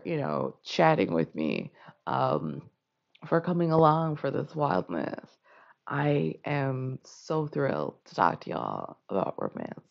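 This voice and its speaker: Husky, animated woman podcast host. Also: deep voice, dull audio. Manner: animated, slangy, switches between loud and soft. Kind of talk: casual book-review chat.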